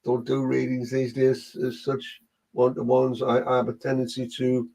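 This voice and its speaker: A man's voice: mid-range voice, fairly even intonation, normal speed, darkish tone. Geordie man, spiritual medium, chatty live-stream host, mid-range voice. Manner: chatty, greets viewers by name. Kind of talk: live online reading session.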